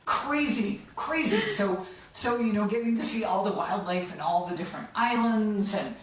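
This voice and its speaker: A middle-aged woman chatting as a guest, eager and quick to laugh, with sentences that drift off. Her voice sits far from the mic in a very echoey room. A faint hiss runs underneath. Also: mid-range voice, animated. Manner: enthusiastic, laughs often, trails off mid-sentence. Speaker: podcast guest. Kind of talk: casual chat.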